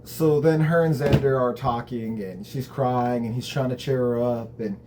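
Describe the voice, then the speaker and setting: A man's voice: mid-range voice, normal speed, noisy background. A man hosting a show, casually recapping a TV episode in a conversational, reflective way, with the odd swear word.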